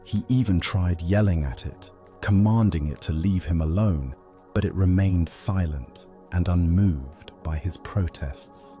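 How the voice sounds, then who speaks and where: A man telling a Zen story as scripted narration for sleep, in a slow, soothing, even way. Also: sits low. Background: faint music.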